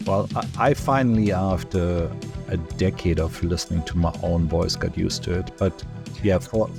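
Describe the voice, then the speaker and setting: A man's voice: deep voice, moderate pace, creaky, music in the background. A man from Germany with a German accent, a guest chatting casually in an interview, rambling with chuckles and restarts. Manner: chuckling, digressive, many restarts.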